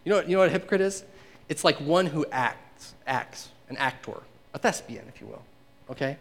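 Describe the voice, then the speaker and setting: A man's voice: fairly high pitch, lively intonation, brisk. A man preaching a conversational sermon to a congregation, asking them questions and acting out the quotes he reads. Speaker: pastor.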